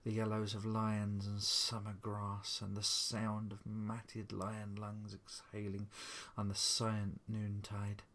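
A man reads a story aloud in a low, husky voice, taking his time over each phrase. His telling is measured and vivid, slow and deliberate throughout. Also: completely flat delivery, fairly bright tone. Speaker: narrator. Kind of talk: dramatic story reading.

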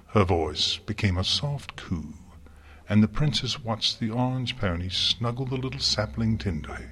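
Husky low-voiced male storyteller. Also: animated, unhurried, a bit bright. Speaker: audiobook reader. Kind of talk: storybook narration.

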